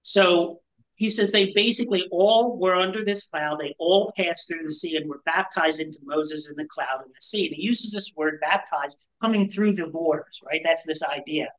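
A man's voice: a little high, moderate pace, a bit bright, poor audio. A man teaching a Bible study to a small group in a conversational, explanatory way, asking rhetorical questions.

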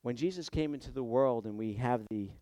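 A male pastor preaching a sermon with impassioned delivery, moving between hushed passages and loud emphatic ones. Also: medium pitch, brisk, dry recording, clean studio sound.

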